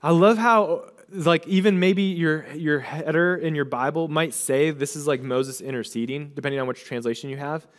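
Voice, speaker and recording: A man's voice: fairly high pitch, steady tone, moderate pace, hardly any pauses. A young adult male pastor preaching a sermon, retelling scripture in casual, chatty paraphrase and acting out the figures' words in his own voice.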